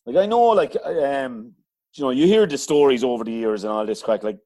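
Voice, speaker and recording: A man's voice: mid-range voice, a little fast, dark tone. A man hosting a podcast, asking questions informally with lots of fillers. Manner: informal, hedging with many fillers. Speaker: podcast host. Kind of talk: casual chat.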